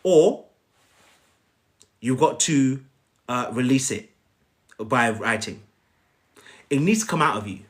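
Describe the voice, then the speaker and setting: A man's voice: mid-range voice, expressive, takes it slowly, long pauses. A man coaching viewers on a live stream, emphatic, often checking in with "okay?" and addressing them by name. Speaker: life coach. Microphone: phone on a live stream.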